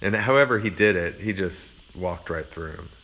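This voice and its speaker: A man's voice: sits low, moderate pace, sharp tone. A man preaching a Bible teaching in a conversational, reflective way, with frequent fillers.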